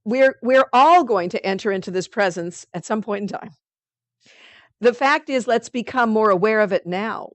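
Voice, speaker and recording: Woman, study group leader, mid-pitched, chatty teaching style, dry close sound. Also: no room sound. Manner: reads passages aloud, then comments in a chatty way; loose and conversational, with many fillers.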